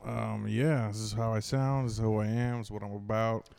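A man's voice: lowish voice, flat delivery, a little fast, creaky, a little mellow, clean tone. A man chatting as a podcast guest, loose and slangy, tossing in "bro" and curse words. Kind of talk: casual chat.

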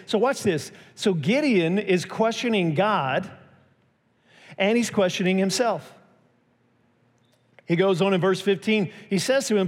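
A man's voice: high voice, measured pace, big-room sound. A man preaching a sermon as pastor, telling a story and acting out its quotes with a raised voice.

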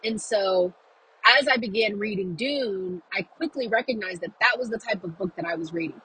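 A woman's voice: medium pitch, moderate pace, sharp tone, slight background noise, poor audio. A young woman talking casually about books on her podcast, chatty and effusive, with asides and fillers. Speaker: book podcaster. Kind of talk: casual chat.

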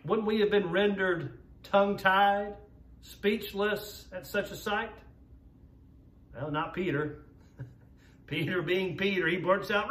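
A pastor giving a sermon in a high voice, earnest and measured, leaning on key words by slowing down. He sounds a bit far from the mic. The voice echoes around a roomy church. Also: fairly bright tone. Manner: measured, earnest preaching with slowed emphasis. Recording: roomy echo, voice from a distance.

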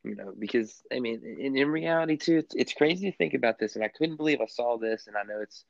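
A man co-hosting a sports podcast in casual chat, rambling with lots of halting restarts. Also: mid-range voice, lively intonation, vocal fry, no echo. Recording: dull, muffled lo-fi sound.

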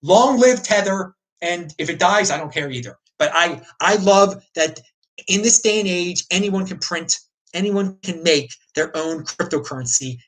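A man's voice: sits high, normal speed, a bit bright, low-quality recording. Ranting man, crypto livestream host. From United States. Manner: ranting, emphatic, repeats himself and restarts often. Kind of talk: unscripted opinion talk answering viewers.

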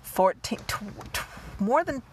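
A woman co-hosting a casual podcast, chatty, with quick asides and restarts. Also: fairly high pitch, lively intonation. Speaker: podcast co-host. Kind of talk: casual chat. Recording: lo-fi podcast with faint hiss.

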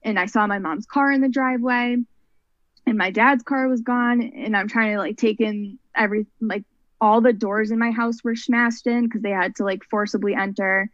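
Earnest and rambling, a young adult woman who works as a mental health advocate shares a personal story as a podcast interview guest. Her voice is a little high, with fairly even intonation and a moderate pace. The sound is dry, dull, and lo-fi, with no room sound.

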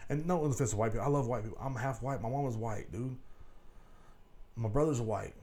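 A man's voice: mid-range voice, fairly quick, warm tone. A man hosting a solo podcast, rambling casually with lots of swearing and filler phrases. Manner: rambling and profane, full of "you know what I'm saying". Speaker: podcast host.

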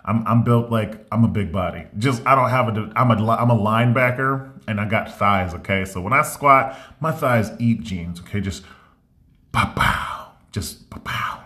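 A man in a casual ranting monologue, blunt and animated, repeating himself as he goes. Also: fairly low pitch, moderate pace, hardly any pauses. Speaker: vlogger.

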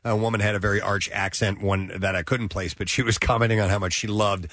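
A man's voice: fairly low pitch, steady tone, fast, fairly bright tone, no echo, studio quality. A man co-hosting a radio show, chatting in an upbeat way about a recent trip. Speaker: radio co-host. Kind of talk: casual morning-show chat.

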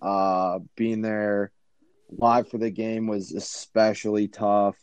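A man co-hosting a sports betting podcast, speaking haltingly with many fillers. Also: lowish voice, little pitch movement, a little mellow, clean tone, no room sound. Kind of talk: casual podcast chat.

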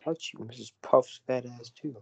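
A man's voice: medium pitch, steady tone, moderate pace, creaky, slightly rough, no echo, poor audio. A young man co-hosting a casual podcast chat, joking around in slang and losing his train of thought. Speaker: podcast co-host.

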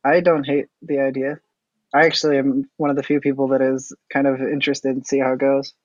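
A man's voice: medium pitch, little pitch movement, brisk, dry recording. A man chatting casually on a podcast with blunt, dry humor. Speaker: podcast co-host. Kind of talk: casual chat. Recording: dull dry mic sound.

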